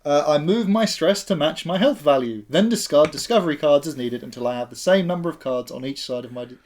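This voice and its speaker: A man's voice: on the high side, animated, fairly quick, darkish tone. A man playing a board game with friends, joking and reading out his character card. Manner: joking, playful banter. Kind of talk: casual chat and reading card text.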